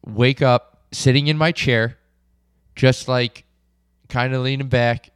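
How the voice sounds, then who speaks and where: A man co-hosting a casual podcast, telling rambling stories with lots of swearing and loud acted-out quotes. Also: medium pitch, fairly even intonation, slow pace, clean tone, no room sound, clean studio sound. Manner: rambling storyteller, swears, acts out quotes loudly. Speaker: podcast co-host. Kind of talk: casual chat.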